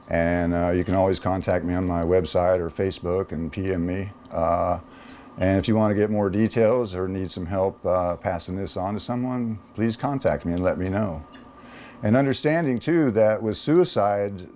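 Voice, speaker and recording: A man speaks in a relaxed, plain-spoken way, often pausing on fillers. His voice is very low and mellow. Faint noise sits behind him. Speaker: speaker sharing a personal story. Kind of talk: casual personal talk.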